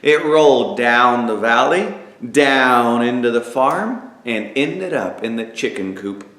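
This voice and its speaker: Guy reading an uplifting fable slow and dramatic, voice bounces all over, echoey room. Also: medium pitch. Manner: dramatic, lively storytelling with sound effects. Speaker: author and narrator. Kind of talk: inspirational storytelling reading.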